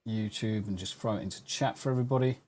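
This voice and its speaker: A man's voice: lowish voice, fast talker, a little mellow. A man hosting a casual online chat show, swearing and joking as he reads out news. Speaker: podcast host.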